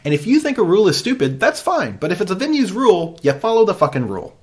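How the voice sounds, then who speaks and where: A man, co-hosting a podcast and telling stories in a casual, lively way with frequent swearing. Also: high voice, quick pace. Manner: lively, swears often, animated storytelling. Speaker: podcast co-host. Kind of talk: casual chat.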